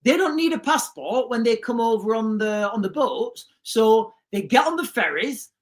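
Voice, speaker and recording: A woman's voice: a little high, expressive, moderate pace. A woman hosting a livestream, reading viewer comments aloud and answering them in a sarcastic, emphatic way, often repeating her key lines. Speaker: livestream host.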